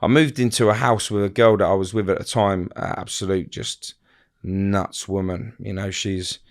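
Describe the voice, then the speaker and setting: A man speaks in a somewhat low register as an interview guest. His telling is loose and halting, full of fillers and false starts as he works through his memories. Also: little pitch movement. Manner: rambling, halting, many fillers and restarts. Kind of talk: casual storytelling interview.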